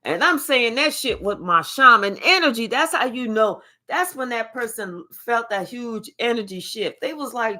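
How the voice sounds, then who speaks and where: A woman doing a casual spiritual reading to camera, profane and animated, stretching out words for emphasis. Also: on the high side, normal speed, few pauses. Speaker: tarot reader.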